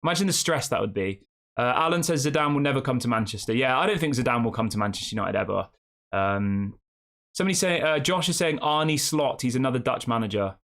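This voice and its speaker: A man's voice: medium pitch, expressive, quick pace, fairly bright tone. Man rambling through a fan live stream. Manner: rambling, reacting to chat with rhetorical questions. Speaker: fan channel host. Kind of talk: casual live-stream chat.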